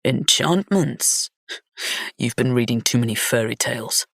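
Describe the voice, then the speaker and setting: Brief: haughty young nobleman , read by a woman, sneering and insulting, gravelly edge. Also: extremely low pitch, unhurried, dry recording, studio quality, full character voice. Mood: scornful. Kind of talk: audiobook character reading.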